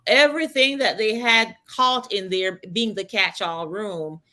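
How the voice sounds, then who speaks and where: A woman co-host speaks in a measured, reflective way during a relaxed show chat. Her voice is mid-pitched, and she often softens her points with a gentle moral note. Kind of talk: casual chat about TV shows.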